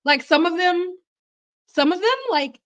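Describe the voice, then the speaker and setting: A woman's voice: extremely high pitch, unhurried, a bit bright, pitched above the performer's own voice. A woman putting on a bubbly, chatty young woman's voice that is different from her usual way of talking. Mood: gushing.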